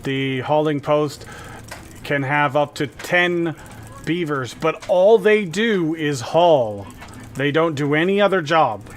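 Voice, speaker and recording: A man's voice: fairly high pitch, lively intonation, slow pace, a little hiss or hum. A man livestreaming a game, patiently explaining the controls step by step in a casual way.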